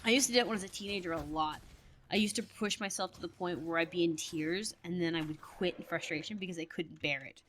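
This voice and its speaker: A woman's voice: on the low side, quick pace, fairly bright tone, slight background noise. A woman chatting casually while playing a game, telling stories in a rambling way and laughing often. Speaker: gamer. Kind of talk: casual gameplay commentary.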